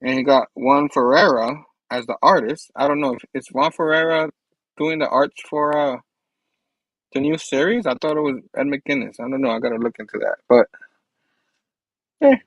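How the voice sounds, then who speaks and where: A man's voice: mid-range voice, moderate pace, no room sound, poor audio. A man co-hosting a comic book show, chatting in an easygoing, hesitant way. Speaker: comic book podcast co-host. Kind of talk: casual chat.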